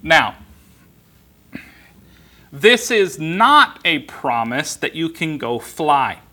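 A man preaching a sermon that explains scripture word by word, in a deliberate way with frequent ums and restarts. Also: a little high, very animated, bright, forceful tone. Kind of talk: expository Bible teaching.

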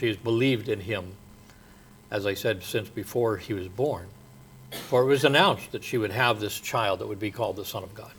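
A man preaching a sermon in a slow, halting way, with many pauses and fillers, his voice dropping soft at the ends of phrases. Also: on the low side, slight background noise.

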